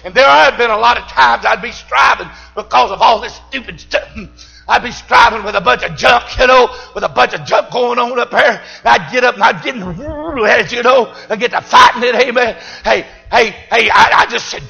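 An older man, preaching a fiery sermon in a church and shouting and whooping with exuberance. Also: very high voice, moderate pace, gravelly, husky, dull audio, soft background music. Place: church service.

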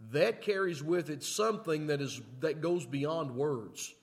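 A man preaching a sermon in a folksy way, often asking "okay?" and moving between loud emphatic lines and quiet asides. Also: fairly high pitch, measured pace, few pauses. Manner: folksy, repeats "okay?" to check in with listeners. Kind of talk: sermon teaching.

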